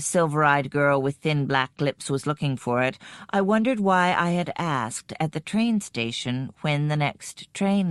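A woman narrating a first-person story in a measured, even storytelling manner. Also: low voice, dry recording, clean studio sound. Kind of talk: scripted audiobook narration.

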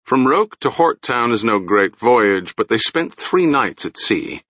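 A man narrating a fantasy novel in a measured, deliberate way. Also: mid-range voice, lively intonation, fairly bright tone, no room sound, lo-fi sound. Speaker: audiobook narrator.

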